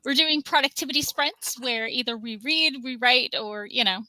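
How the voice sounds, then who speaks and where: A woman's voice: high-pitched, normal speed, bright, forceful tone, dry recording. A woman hosting a casual livestream, talking in a chatty, rambling way and cooing at her cat now and then. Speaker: livestream host.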